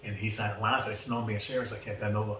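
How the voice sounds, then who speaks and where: Boston man telling stories, low voice. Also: racing. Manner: animated, acts out quoted exchanges. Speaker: podcast guest. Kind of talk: casual storytelling. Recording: roomy, distant mic, faint background noise.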